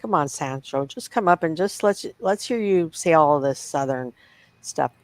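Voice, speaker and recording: Co-hosting a casual livestream, a woman from the Midwest US speaks at a moderate pace in a low voice with lively intonation. She gossips, teases and chuckles along. The low-quality recording has no room sound.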